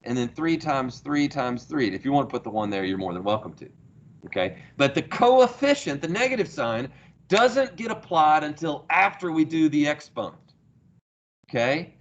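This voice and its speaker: Lively math teacher quizzing his class. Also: on the high side, normal speed, highs cut off, slight background noise. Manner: asks the class questions and praises answers. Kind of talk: classroom lecture. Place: classroom, heard through a small speaker.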